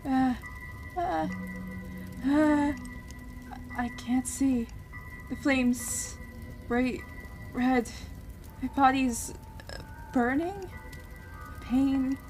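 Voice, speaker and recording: A woman's voice: high voice, darkish tone, voice pushed up, exaggerated voice. A woman voicing a desperate young woman burning in a game, pleading and screaming with a breaking voice.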